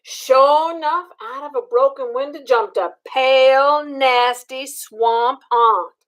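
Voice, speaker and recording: An older woman reads a picture book aloud to children, pausing to ask them what they see. Her voice is high and she takes her time, keeping the telling animated. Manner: animated, asks children questions. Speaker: storyteller.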